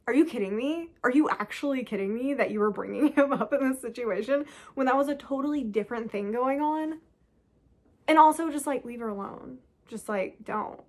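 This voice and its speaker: A woman with a slightly high voice talks casually about a book, sounding sarcastic and incredulous. She laughs often and keeps circling back to rhetorical questions. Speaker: book reviewer. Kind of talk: casual chat.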